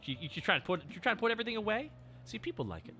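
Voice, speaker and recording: A man's voice: high voice, sing-song, very fast, sharp tone, faint music behind. A man streaming live, chatting casually and joking as he reads chat messages aloud. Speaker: VTuber streamer.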